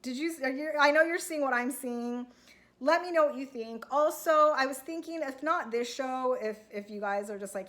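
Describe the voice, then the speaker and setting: A woman's voice: high-pitched, normal speed, a bit bright. A woman recapping a reality show for her viewers in a chatty, self-questioning way, often acting out what people on the show say. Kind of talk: casual recap monologue to viewers.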